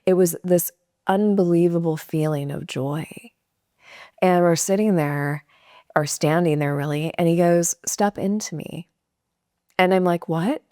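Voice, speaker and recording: Animated woman telling a personal story. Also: low voice, no echo, studio quality. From California. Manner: animated, acts out quotes with laughs. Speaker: guest storyteller.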